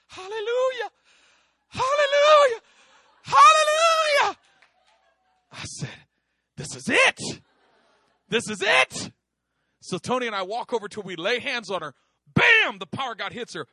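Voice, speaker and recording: Man, preacher, sermon story, high voice, very bright, dry close sound. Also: no room sound. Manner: animated, acts out voices, laughs often.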